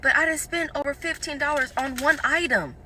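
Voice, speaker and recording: A woman's voice: high voice, a little fast, pushed and bright, slight background noise. A woman in a casual vlog rant, exasperated, repeating herself and swearing, recorded in a car.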